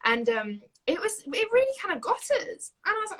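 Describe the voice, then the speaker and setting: Bright, chatty young Yorkshire woman. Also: high voice, big pitch swings, quick pace, hardly any pauses, poor audio. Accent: Yorkshire English. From Yorkshire, England. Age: young adult. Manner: chatty, giggly, lots of fillers. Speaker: singer-songwriter guest. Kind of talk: casual interview chat.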